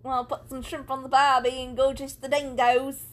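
A woman's voice: sits high, little pitch movement, normal speed, lightly acted. A woman putting on an overdone mock Australian accent as a cartoonish local, in a joking drawl. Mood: jokey. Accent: exaggerated mock Australian.

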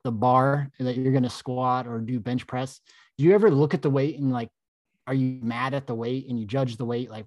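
A man's voice: medium pitch, steady tone, normal speed, a little mellow, no room sound. A man co-hosting a casual podcast as a mindset coach, talking in a laid-back, reflective way with lots of "like" and "man.".

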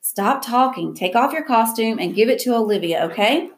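A man's voice: very high-pitched, lively intonation, moderate pace, pitched above the performer's own voice. A woman voicing a hot-tempered male drama teacher who barks impatient orders. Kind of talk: audiobook character voice.

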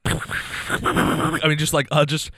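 A man's voice: fairly high pitch, flat delivery, slow pace, gravelly, sharp tone, no room sound, studio quality. A man co-hosting a podcast in casual chat, jokey and laughing often. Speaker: podcast co-host.

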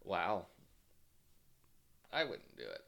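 A man's voice: low voice, huge pitch swings, takes it slowly, creaky, bright, forceful tone. A man co-hosting a casual podcast, trading wisecracks and teasing his co-host.

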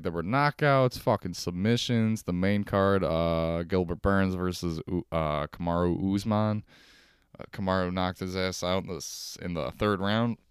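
A man's voice: low voice, clear, resonant tone, no echo, clean studio sound. A man hosting a solo podcast from his couch, rambling in a laid-back, profane way. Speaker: podcast host. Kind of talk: casual solo podcast rant. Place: home couch.

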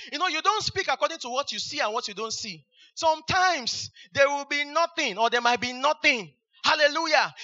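A man's voice: very high voice, bright, forceful tone. A man preaching a sermon as pastor, repeating his phrases and dropping in frequent hallelujahs. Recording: dull lo-fi recording.

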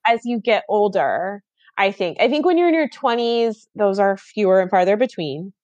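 A woman's voice: mid-range voice, animated, normal speed, darkish tone, no room sound, highs cut off. A woman in her thirties co-hosting a podcast, talking casually and reflectively with frequent laughs. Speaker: podcast co-host. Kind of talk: casual chat.

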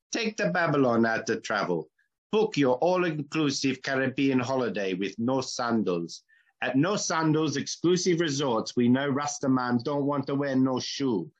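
A man voicing a laid-back Jamaican pitchman with a put-on Jamaican accent and a slow, drawling ad-read delivery. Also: highs cut off.

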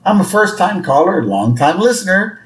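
A man's voice: high voice, very animated, normal speed, voice pushed up. A man putting on a cheeky cartoon boy posing as a radio caller, in a roomy echo. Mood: sly.

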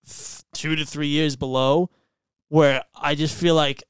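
Loud rambling man in his twenties. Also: little pitch movement, unhurried, clean tone, no room sound, studio quality. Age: 20s. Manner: loud, rambling and profane, with sudden jumps in pitch. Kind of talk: casual chat.

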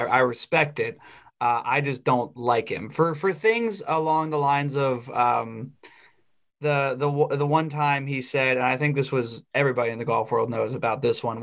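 A young man co-hosting a podcast, voice at an ordinary middle pitch. He chats casually and opinionatedly, rising into animated rants. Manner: opinionated, animated when ranting. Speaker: podcast co-host. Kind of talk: casual chat.

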